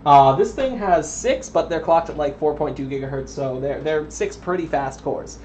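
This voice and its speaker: A man's voice: on the high side, normal speed, a little mellow. A young man chatting casually as he streams a computer build at home, rambling with frequent ums and drifting off the mic. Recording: dull lo-fi stream audio with faint noise.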